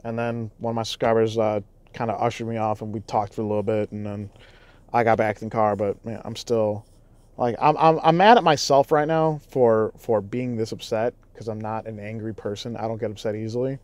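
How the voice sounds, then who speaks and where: A man telling a vlog story in a loud, heated, profane way, with frequent restarts. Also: on the low side, little pitch movement, brisk, smooth. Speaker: YouTuber. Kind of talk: casual vlog recounting.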